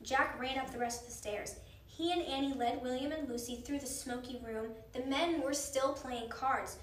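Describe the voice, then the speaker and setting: A woman reading a children's book aloud in an expressive, animated way. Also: sits high, normal speed. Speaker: storyteller. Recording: roomy, distant mic, faint noise.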